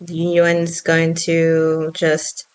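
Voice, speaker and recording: A tabletop player thinking aloud at an unhurried pace. Speech is casual and halting, with a mid-range voice. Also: mid-range voice, monotone, clean tone, poor audio. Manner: slow, hesitant, thinking aloud. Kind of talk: casual play.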